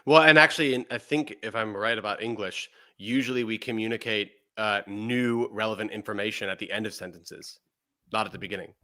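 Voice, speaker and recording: A man with a lowish voice and a bright, forceful edge speaks as a guest scholar. His delivery is animated and emphatic, and he often undercuts himself with quick self-deprecating asides. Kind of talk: casual scholarly discussion.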